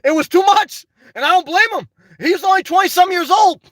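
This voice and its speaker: An older man with a very high, bright voice chats on a live stream, answering viewers one by one. He talks bluntly and unfiltered, with plenty of swearing, and the sound is close and dry with no room echo. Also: a little fast. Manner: keeps answering viewers by name. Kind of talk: casual live-stream chat, reading viewer comments.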